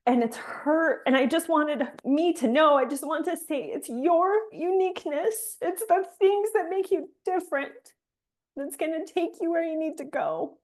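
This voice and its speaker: A young adult woman gently guiding a reflection exercise, talking softly and emotionally with slow encouraging words. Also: high voice. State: emotional, near tears. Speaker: fitness coach leading a guided exercise. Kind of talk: guided reflection exercise on a live call.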